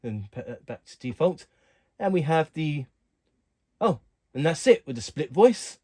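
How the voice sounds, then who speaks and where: A man casually walking through keyboard functions in a relaxed, plain way, talking while he presses buttons. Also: a little high, a little slow. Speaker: keyboard tutorial host. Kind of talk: casual instructional walkthrough.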